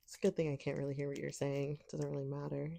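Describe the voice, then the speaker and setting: A woman's voice: low voice, monotone, fast talker, gravelly, warm tone. A woman speaking in an intimate audio role-play, teasing and commanding, sometimes dropping to a whisper.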